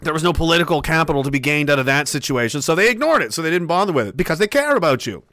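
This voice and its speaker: A livestream host delivering an angry, swearing rant, dropping to a low sneer and then rising to loud shouts. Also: male voice, animated, very fast, dry recording, clean studio sound. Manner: heavy swearing, repeated hammering phrases.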